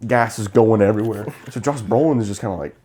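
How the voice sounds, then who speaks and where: A young man with a somewhat low voice co-hosts a casual movie review chat. He retells scenes with animated energy, slipping into the characters' lines as he goes. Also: fast talker, slight background noise. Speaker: podcast co-host.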